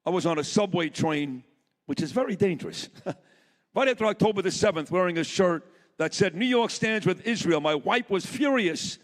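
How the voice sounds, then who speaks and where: Fired-up high-voiced man in a reverberant hall. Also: animated, a little fast. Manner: blunt, fired-up, plainspoken. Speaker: summit speaker. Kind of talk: impassioned speech to a live audience. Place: conference hall with audience. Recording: long reverb of a large hall.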